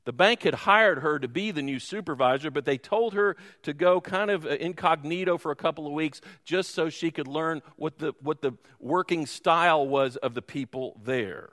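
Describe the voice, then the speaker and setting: A man's voice: a little high, moderate pace, hardly any pauses, a bit bright. A man preaching a sermon as pastor, telling a story and making self-deprecating asides to the congregation. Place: church sanctuary. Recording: long hall reverb.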